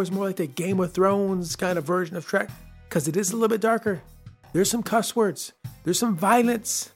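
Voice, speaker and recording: A man hosting his own podcast, talking casually and rambling through an episode review with frequent restarts. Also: high voice. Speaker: podcast host.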